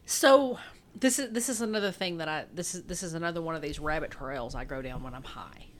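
Woman, young adult, podcast co-host; lowish voice, animated and rambling, lots of restarts. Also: brisk. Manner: rambling, animated, laughs often, frequent restarts. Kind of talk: casual chat.

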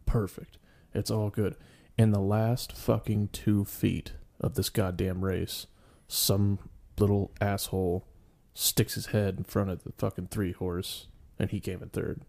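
Gravelly, foul-mouthed young man. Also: fairly low pitch, level tone, measured pace, few pauses, warm tone. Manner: profane, rambling storyteller. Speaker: podcast co-host. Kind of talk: casual podcast chat.

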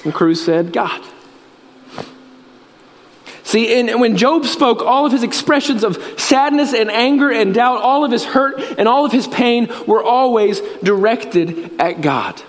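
A man's voice: very high voice, lively intonation. Earnest preaching man in a reverberant hall. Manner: earnest, repetitive preaching with emphatic pauses. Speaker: pastor. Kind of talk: sermon.

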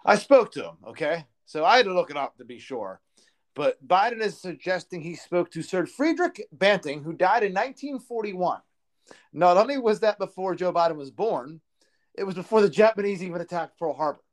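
A man co-hosting a podcast in loose political chat, his voice sitting a bit high and swinging all over the place. He talks animatedly, tripping over restarts as he gets heated. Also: a little fast. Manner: animated, stammering restarts when worked up. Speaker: podcast co-host.

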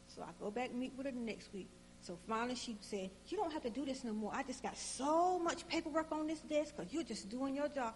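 Animated woman telling a workplace story. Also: high-pitched, a little fast, slight background noise. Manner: animated, acts out both sides of the conversation. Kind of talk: casual personal storytelling.

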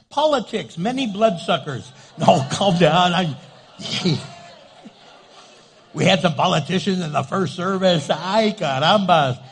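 Male pastor from New Mexico, husky and fairly high voice, preaching a joke-filled sermon. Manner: joking, animated preaching with quips and funny put-on voices.

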